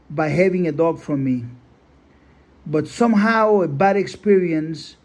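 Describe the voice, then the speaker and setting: A man's voice: a little high, warm tone. A man who breeds dogs tells a story in casual talk. He rambles, leans on "you know", and speaks bluntly with some swearing. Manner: rambling, filler-heavy, blunt and profane. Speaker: dog breeder.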